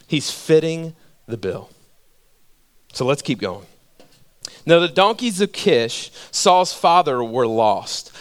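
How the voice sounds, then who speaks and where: Male pastor, sermon, high voice, animated storytelling, rhetorical questions.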